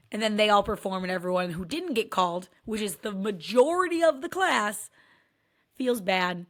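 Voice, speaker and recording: A woman's voice: medium pitch, expressive, moderate pace. A woman, a dance mom, telling comic stories about her life in a candid, wry, self-mocking way that swears freely. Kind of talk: comedic personal storytelling.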